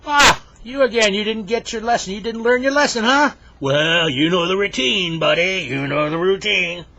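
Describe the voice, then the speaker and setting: A man's voice: moderate pace, no room sound. A man voicing a mean, bossy male bear in a joke he tells, barking threats in a raised voice. The recording is dull and lo-fi. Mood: angry. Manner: gruff threatening bark, louder and higher than the teller.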